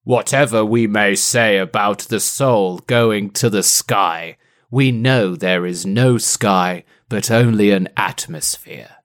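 A man doing a deep-voiced, dashing infantry officer. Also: takes it slowly, a bit bright. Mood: blunt. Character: dashing, manly young infantry officer, blunt.

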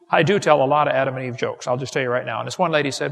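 Gravelly man joking through a hall lecture. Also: mid-range voice, normal speed. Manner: folksy, joking storyteller who builds to punchlines. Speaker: creationist seminar speaker. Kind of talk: humorous seminar lecture. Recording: long hall reverb, live seminar recording.

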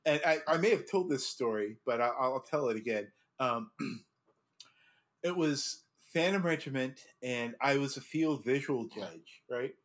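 A man hosting a casual chat, telling animated stories full of restarts and laughter as a former judge. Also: medium pitch, measured pace. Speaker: podcast host and former drum corps judge.

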